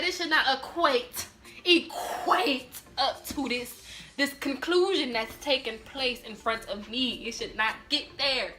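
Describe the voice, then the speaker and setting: A young woman telling a personal story in a casual vlog, animated and emphatic, often repeating and restarting her words. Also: high-pitched, slow pace. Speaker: vlogger.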